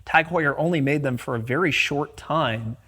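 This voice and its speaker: A man speaking as a guest specialist, giving measured, knowledgeable explanations in a casual conversation. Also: a little high, sharp tone, slightly rough.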